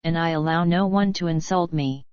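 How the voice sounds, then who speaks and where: A woman's voice: low voice, moderate pace, clear, resonant tone, dry recording, highs cut off, natural voice. A woman voicing a pompous, emphatic middle-aged male doctor in an audiobook. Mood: indignant. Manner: emphatic, indignant.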